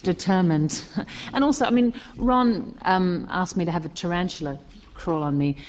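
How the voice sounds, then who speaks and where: A woman's voice: lowish voice, moderate pace, a little mellow, highs cut off, a little hiss or hum. A woman actress answering press questions in casual banter, wry and self-mocking, laughing often.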